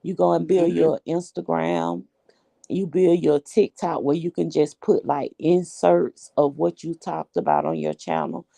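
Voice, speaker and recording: A woman's voice: low voice, sing-song, measured pace, gravelly, hardly any pauses, dark tone, no echo. A woman hosting a casual group chat, blunt and slangy, laughing often. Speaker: host.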